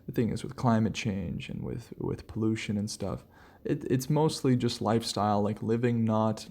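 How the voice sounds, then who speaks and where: A man hosting a relaxed solo podcast, rambling casually with lots of fillers and restarts. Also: lowish voice, moderate pace. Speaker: podcast host.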